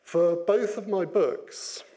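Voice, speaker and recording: A man's voice: sits high, takes it slowly. Playful man giving a business talk. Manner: lively, playful, asks the audience questions. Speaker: business speaker. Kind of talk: interactive presentation talk.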